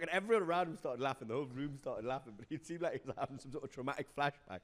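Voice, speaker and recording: A young man talks fast and animatedly on a comedy podcast, tumbling from one gig story to the next. He swears freely and keeps an easy, mid-pitched voice. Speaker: guest comedian. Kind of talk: casual podcast chat.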